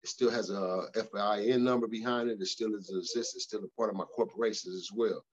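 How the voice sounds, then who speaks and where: A man's voice: fairly low pitch, fast, breathy edge, highs cut off. A middle-aged man telling stories in a casual interview, profane and emphatic. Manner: profane, emphatic, animated storytelling. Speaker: guest.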